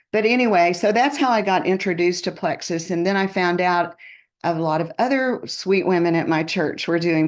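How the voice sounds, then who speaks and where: A woman on a video call telling a chatty story, acting out the lines of others as she goes. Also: fairly low pitch. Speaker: guest on a team call. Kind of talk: casual storytelling.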